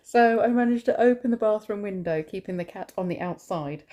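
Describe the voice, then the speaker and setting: A woman's voice: medium pitch, brisk, dark tone. A woman vlogging casually outdoors in a garden, chatting and rambling through her chores and stories. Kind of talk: casual vlog chat.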